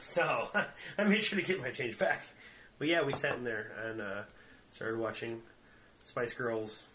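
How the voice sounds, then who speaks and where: A man co-hosting a podcast, telling a story in casual, profane chat and acting out the quotes in high voices. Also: measured pace, bright, forceful tone, a little hiss or hum.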